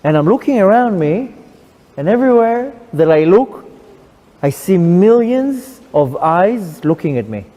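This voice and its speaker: A man, a rabbi, giving an emphatic, animated testimony lecture. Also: high-pitched, unhurried, in a large hall.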